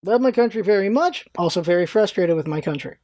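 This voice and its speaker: A woman ranting in a casual vlog, animated and exasperated, laughing often and swearing freely. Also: medium pitch, fast, dry recording, studio quality. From United States. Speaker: vlogger, show host.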